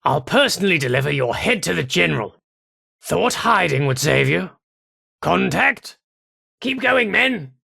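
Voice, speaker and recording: A gravelly British Crown soldier. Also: male voice, high voice, very animated, unhurried, pushed and bright, dry recording, clean studio sound, exaggerated voice. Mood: menacing. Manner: barking military commands. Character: gruff British Crown soldier, loyal to the Queen. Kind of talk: game voice lines.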